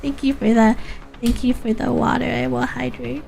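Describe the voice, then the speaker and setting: A woman's voice: a little high, fairly even intonation, normal speed, gravelly, darkish tone. A woman from Canada streaming a game, chatting casually and laughing often as she talks. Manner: giggly, laughs often, restarts mid-sentence. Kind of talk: casual gaming stream chat.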